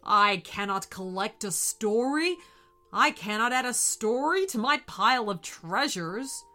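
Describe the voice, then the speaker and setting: Woman voicing a booming greedy dragon. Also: lively intonation, faint music behind. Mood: curious. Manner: booming, slow and loud. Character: greedy male dragon, booming and easily tempted. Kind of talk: storybook reading.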